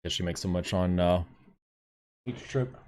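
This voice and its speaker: A fairly low-voiced young man streaming a game. He talks to his viewers in a relaxed, off-the-cuff way and swears casually. His commentary stays loose and unscripted. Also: unhurried. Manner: chatty, laid-back, swears casually, talks to chat. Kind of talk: casual live gameplay commentary.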